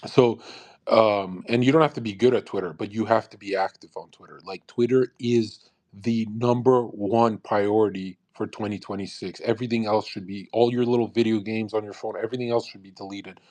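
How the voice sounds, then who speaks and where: A man's voice: fairly low pitch, darkish tone. A young man ranting on a live audio stream, profane and sarcastic, speeding up in bursts and laughing at his own jokes.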